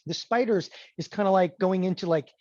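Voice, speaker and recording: Energetic middle-aged male trading coach for a webinar, dry and slightly dull lo-fi sound. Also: sits high, a little fast, no room sound. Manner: energetic, emphatic, mock-panicked asides. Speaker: trading educator. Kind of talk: live webinar screen-share demo.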